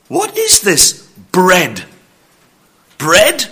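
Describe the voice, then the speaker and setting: A male preacher delivers a sermon with a bright, forceful tone and a slightly high voice. He talks very slowly and stresses his points, quoting scripture with mounting emphasis. Now and then he clears his throat. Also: wildly swooping pitch.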